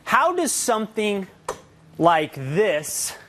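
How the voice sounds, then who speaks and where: A man's voice: sits high, very animated, drawn-out words, crowd noise. A man hosting a studio talk show, explaining his own slip in a self-mocking, joking way. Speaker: news show host.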